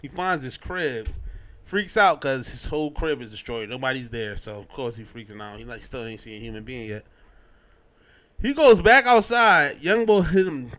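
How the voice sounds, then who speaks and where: A man hosting a casual podcast, talking in a lively, slangy way and acting out scenes as he recaps a show. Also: medium pitch, a little fast. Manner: animated, slangy, acts out scenes with quoted voices. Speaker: podcast host.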